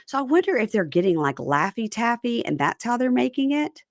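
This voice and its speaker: A woman co-hosting a casual podcast, recapping a reality TV episode and retelling scenes in a relaxed, chatty way. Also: on the high side, a little fast, dry recording, studio quality. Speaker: podcast co-host.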